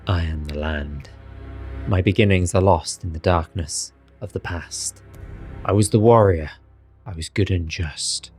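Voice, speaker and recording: A man doing an ancient vampire lord who sounds irritated and noble, in a very low, hushed voice. The journal is read seriously and dramatically, with faint music behind. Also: unhurried. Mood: brooding, solemn.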